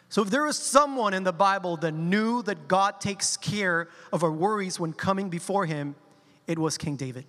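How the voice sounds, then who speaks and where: A man from Colombia with a Spanish accent, preaching a sermon and telling stories with slow, emphatic quotes. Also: high-pitched, fairly bright tone, in a large hall. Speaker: pastor.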